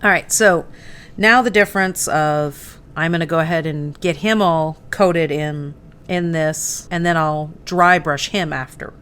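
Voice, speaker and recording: A woman's voice: low-pitched, measured pace, fairly bright tone, a little hiss or hum. A woman in her forties hosting a live painting stream, chatting casually and laughing easily. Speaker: host. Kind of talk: casual chat while painting miniatures.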